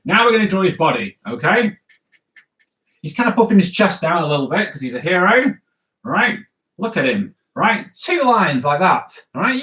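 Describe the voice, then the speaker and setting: A man's voice: on the high side, fairly bright tone. A man, a comics artist teaching a live drawing lesson for kids in a playful, chatty way, often checking in with "right?" and "okay?". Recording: echoey room.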